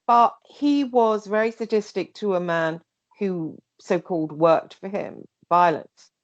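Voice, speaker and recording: A woman telling a personal story in casual chat, rambling and animated, sometimes mimicking other people. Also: medium pitch, unhurried, no room sound, muffled recording. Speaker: guest.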